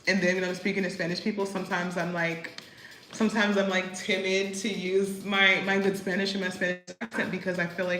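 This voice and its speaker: A woman's voice: mid-range voice, level tone, a little fast, a bit bright, reverberant, soft background music, rough recording. A young American woman casually telling stories to the camera, chatty and full of fillers. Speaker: vlogger. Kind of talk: casual storytelling chat.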